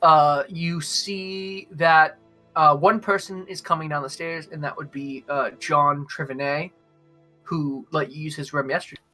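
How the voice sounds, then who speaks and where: A young man running a tabletop game as game master, talking in halting stretches with many fillers. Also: a little high, fairly even intonation, bright, forceful tone, soft background music. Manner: hesitant, many fillers and restarts.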